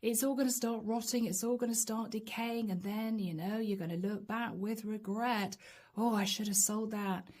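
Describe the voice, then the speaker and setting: A woman voicing a sly devil who hushedly coaxes someone to leave things undone. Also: medium pitch, steady tone, normal speed, natural voice. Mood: coaxing. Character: sly tempting devil urging laziness.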